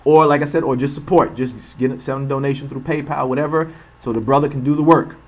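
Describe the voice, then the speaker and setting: Male stream host, average pitch; impassioned rhetorical commentary, hammers points by repetition. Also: fairly even intonation, fast talker. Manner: impassioned, rhetorical, repeats himself for emphasis. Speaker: channel host. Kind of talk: livestream commentary.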